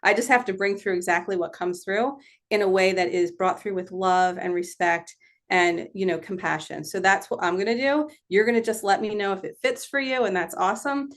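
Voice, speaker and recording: A woman's voice: mid-range voice, fairly quick. A woman medium hosting a live online session, talking casually and laughing often, heard over a video call. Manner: chatty, animated, laughs often. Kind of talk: casual live-stream talk.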